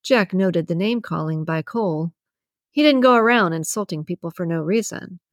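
A woman narrating a romance audiobook in a steady, even storytelling manner. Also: fairly low pitch, moderate pace, no echo, studio quality. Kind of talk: scripted narration.

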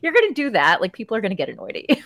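A woman co-hosting a podcast, chatting in a gossipy, animated way with a steady stream of fillers. Her voice sits at a middle pitch, and the sound is close and dry. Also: very fast, no room sound. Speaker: podcast co-host. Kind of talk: casual chat.

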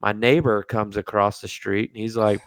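A man's voice: on the low side, steady tone, moderate pace, no room sound. A man co-hosting a casual sports podcast, ranting in an exasperated way. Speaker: podcast co-host. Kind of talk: casual chat.

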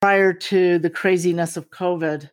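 A woman hosting a casual conversation, speaking in a slow, reflective, heartfelt way. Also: on the low side, fairly even intonation.

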